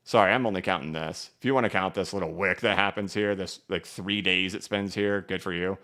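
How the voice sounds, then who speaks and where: A man's voice: low-pitched, steady tone, fairly quick, pushed and bright. A man in his thirties hosting a casual live stream, chatty and joking as he reads viewer comments and walks through charts. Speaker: crypto livestream host.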